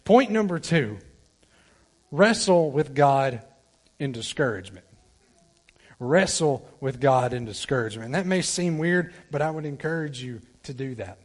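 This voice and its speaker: A man preaching a sermon as a guest preacher. He talks straight to the congregation, swinging from loud pleading down to quiet, low asides. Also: expressive, moderate pace, hardly any pauses. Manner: talks directly to the congregation, asks for responses. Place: church sanctuary.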